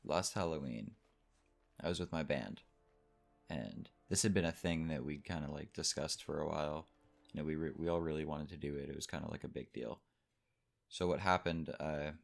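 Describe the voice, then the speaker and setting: A man's voice: extremely low pitch, vocal fry. A young man in his late teens from Texas, telling a rambling, casual party story over gameplay. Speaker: gaming channel host.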